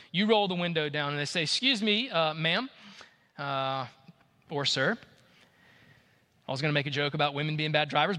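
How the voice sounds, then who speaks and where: A man preaching a sermon as pastor, animated and acting out the people he quotes. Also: fairly high pitch, long reverb tail.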